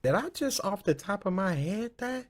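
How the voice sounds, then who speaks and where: A man hosting a comedic video reaction show, joking and breaking into loud outbursts. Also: high-pitched, expressive, moderate pace, soft background music.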